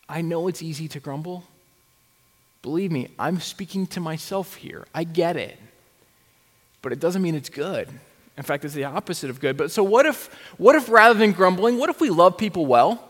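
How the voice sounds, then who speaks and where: A man's voice: fairly high pitch, moderate pace, a bit bright. A male pastor delivers a sermon in a slightly raised register, mixing rhetorical questions with wry, self-aware asides. The sound carries a long, lingering reverb, as if picked up in a large church sanctuary.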